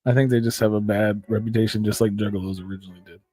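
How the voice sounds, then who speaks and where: A man co-hosting a live talk show, making blunt, joking comments in a gravelly voice. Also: lowish voice, fairly even intonation, rapid-fire, mellow. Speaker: podcast co-host. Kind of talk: casual banter.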